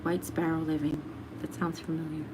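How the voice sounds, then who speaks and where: A woman hosts a casual livestream from her home, chatting easily and reading viewer comments aloud. Her voice sits a little low and she laughs often. A faint background hum runs under her talk. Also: level tone, normal speed. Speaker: livestream host.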